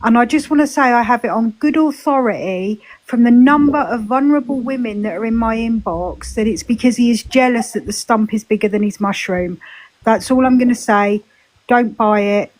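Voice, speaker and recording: Woman, sassy mocking banter, slightly raised pitch. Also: normal speed, a little mellow, rough recording. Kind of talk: live-stream banter.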